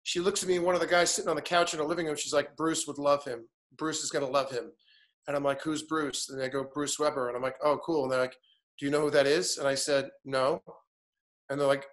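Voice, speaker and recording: A man's voice: on the high side, steady tone, quick pace, fairly bright tone. A man in his fifties, a guest in casual conversation, telling an anecdote animatedly and acting out the other people in it. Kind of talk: casual storytelling chat.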